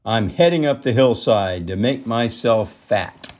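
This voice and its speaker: A man's voice: medium pitch, animated, unhurried, darkish tone, natural voice. A man voicing the biggest billy goat, fierce and defiant, bellowing back at the troll in a storybook read-aloud. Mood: bold.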